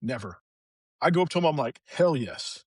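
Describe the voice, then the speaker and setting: A man sharing personal stories as a podcast guest in a casual, animated way, acting out the people he quotes. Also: medium pitch, quick pace, slightly rough, no echo. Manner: animated, acts out quoted voices in retelling. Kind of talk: casual conversational storytelling.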